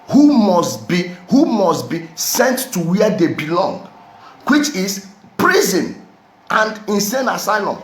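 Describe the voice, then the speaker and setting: A man's voice: high voice, very animated, a little slow. A Nigerian man delivering a heated vlog rant, firing off repeated rhetorical questions. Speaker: vlogger. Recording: roomy echo.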